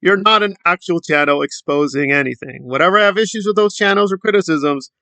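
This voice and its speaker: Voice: mid-range voice, fairly quick, pushed and bright, dry recording. A commentary YouTuber ranting in a sarcastic, scornful tone.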